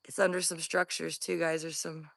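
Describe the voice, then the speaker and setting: A woman vlogging from the woods on her phone, scared and breathing heavily, often dropping to a hushed whisper. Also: deep voice, level tone, moderate pace, vocal fry, no echo, clean studio sound. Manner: jittery, drops into hushed whispers. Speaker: paranormal vlogger. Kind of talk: live outdoor investigation vlog. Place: woods outdoors.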